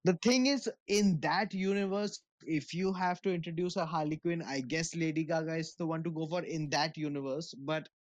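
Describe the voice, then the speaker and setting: A man's voice: on the high side, normal speed, few pauses, no room sound. A man in casual chat about movies, laughing and rambling as he talks, swearing freely.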